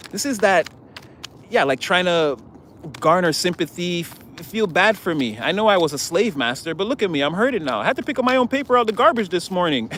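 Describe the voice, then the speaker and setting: A male tarot reader talks through his cards in a loose, rambling way and laughs often. His voice sits slightly high, with a faint background hum. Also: a bit bright. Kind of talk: casual tarot reading.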